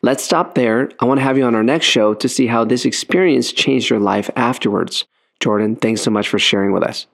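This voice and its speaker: A man hosting an interview show, calmly summing up his guest's story and asking follow-up questions. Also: medium pitch, vocal fry. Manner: measured, sums up and asks questions. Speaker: host.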